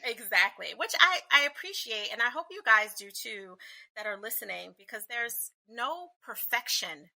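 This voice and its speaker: A woman hosting a podcast interview, talking in an animated, encouraging way and laughing often. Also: on the high side, moderate pace, gravelly. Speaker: podcast host, balance and relationship advisor. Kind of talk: casual interview chat.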